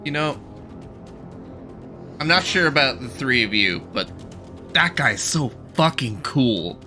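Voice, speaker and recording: A man playing a tabletop game, joking and excitable. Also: medium pitch, takes it slowly, faint music behind. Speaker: player. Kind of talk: casual tabletop game chat.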